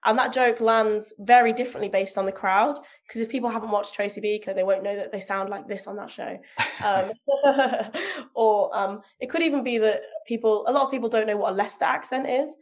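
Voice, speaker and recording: A woman's voice: on the high side, brisk. A woman from England in casual conversation, talking about comedy and improv with frequent laughs and filler words. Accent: neutral southern English. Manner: chatty, laughs often, many ums. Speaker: podcast guest, comedian. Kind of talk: casual chat.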